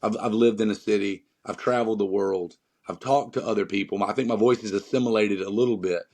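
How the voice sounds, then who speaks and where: A man's voice: lowish voice, fairly even intonation, brisk, darkish tone. A man from North Carolina with a Southern accent, a musician guest chatting casually and emphatically, rambling with many fillers. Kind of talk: casual podcast chat.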